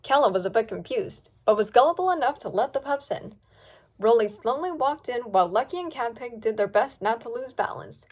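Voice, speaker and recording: A woman reads a storybook tale aloud with a lively, swooping delivery. Her voice sits a little high and she shifts into character voices as she goes. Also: brisk. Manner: lively, voices each pup and hawk with pitch jumps. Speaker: fanfiction reader.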